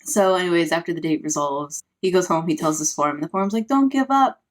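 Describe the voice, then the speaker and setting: A woman's voice: sits low, fairly even intonation, fast talker. A woman, a parent, giving a casual, sarcastic recap of a book, full of "like" fillers. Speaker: book reviewer.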